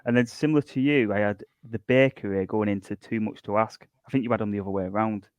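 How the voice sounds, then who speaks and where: A man on a podcast, talking casually and hesitantly with many pauses and fillers. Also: fairly low pitch, steady tone, no room sound, dull audio. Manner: hesitant, many uhs and ums while listing songs. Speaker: podcast guest. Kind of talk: casual chat.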